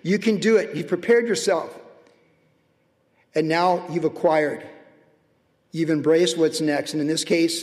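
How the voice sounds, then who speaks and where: A man preaching a sermon as pastor, swinging between loud, animated highs and hushed, tender lows. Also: measured pace, long pauses. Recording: long reverb of a large hall.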